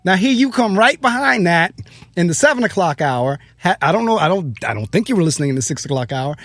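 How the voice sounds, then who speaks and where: A male talk host with a fairly high voice chats with his guest in an agreeable, affirming way. His voice sounds close and dry, with no room around it. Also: lively intonation, quick pace, fairly bright tone, no room sound, soft background music. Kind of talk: casual chat.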